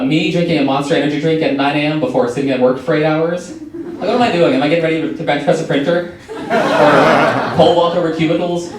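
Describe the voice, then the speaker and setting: A young man doing a stand-up set on a comedy club stage, delivering dry, deadpan one-liners into a stage microphone. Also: on the high side. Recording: echoey club, mic from far, noisy.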